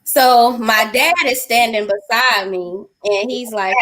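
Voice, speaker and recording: As an interview guest, a middle-aged woman with a high voice slowly recounts a personal ordeal as her testimony. She tells it with lively energy, acting out quoted dialogue in the voices of the people involved. The recording is rough.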